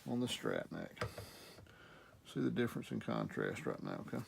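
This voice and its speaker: Gravelly Southern man explaining guitar care. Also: on the low side, moderate pace, slight background noise. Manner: relaxed, rambling, talks while working. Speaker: guitar repair instructor. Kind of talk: casual how-to demonstration.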